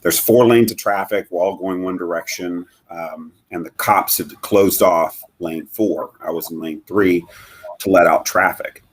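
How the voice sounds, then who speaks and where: Low, husky-voiced middle-aged man, halting. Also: fairly even intonation. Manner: halting and earnest, with many fillers and restarts. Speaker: guest, bereaved father. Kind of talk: telling a personal story in a live interview.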